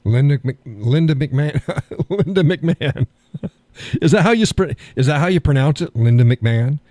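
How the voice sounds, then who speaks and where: Older male stream host, folksy and wry, mellow tone, dead-dry close sound. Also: a little high, lively intonation, normal speed, dry recording. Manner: folksy, sardonic, chuckling often. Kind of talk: casual political chat.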